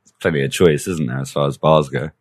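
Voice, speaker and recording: Very deep-voiced British man, easygoing. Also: steady tone, quick pace, slightly rough. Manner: dry, laughs often, easygoing. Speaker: podcast guest. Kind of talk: casual chat.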